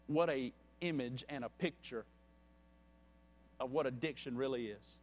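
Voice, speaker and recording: A man preaching a sermon in a church, reading a story and then pleading earnestly and softly with listeners. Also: mid-range voice, a little slow, pauses often. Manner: earnest and pleading, dropping soft.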